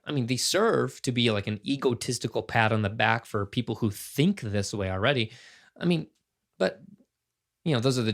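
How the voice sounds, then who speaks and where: Alone on his podcast, a thirtysomething host muses casually in a gravelly voice thick with vocal fry, medium in pitch and slightly bright. His delivery is heartfelt and passionate, full of restarts as he works his ideas out aloud.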